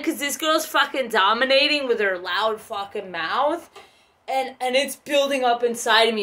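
A woman giving a casual tarot reading in a bright, slightly high voice. She rambles and chats loosely, swearing freely as she goes. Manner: rambling, profane, chatty. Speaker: tarot reader.

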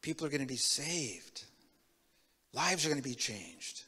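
A man from Tacoma, Washington, giving a sermon with his personal testimony, telling it in an animated way that swings from loud to hushed. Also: mid-range voice, unhurried, slightly rough, long reverb tail. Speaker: guest preacher. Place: church sanctuary.

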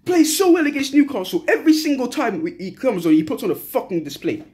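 A woman's voice: mid-range voice, a little mellow. A young woman giving a furious, profane post-match reaction as a football fan, repeating short phrases over and over. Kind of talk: angry post-match rant.

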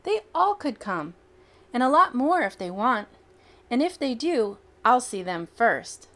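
A woman reading a children's picture book aloud in an expressive, childlike storytelling manner. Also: fairly high pitch, unhurried.

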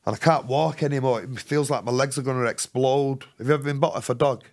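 A man with a gravelly, creaky voice, recounting his own life story as a podcast guest. He talks in casual slang and animates his story by acting out the voices of others. His pitch sits in an ordinary middle range. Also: steady tone, fast. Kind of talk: storytelling interview.

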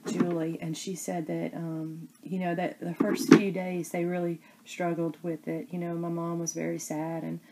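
A woman chatting casually to camera as a crafting vlogger, rambling and halting with many fillers. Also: fairly low pitch, little pitch movement, heavy background noise.

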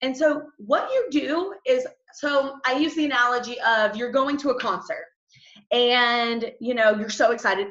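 A woman's voice: fairly high pitch, animated, moderate pace, a bit bright. Peppy young woman coaching her team, echoey. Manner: peppy and chatty, full of "like" and "y'all". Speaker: team coach leading a group call. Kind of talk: motivational team call. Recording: echoey room, dull lo-fi sound.

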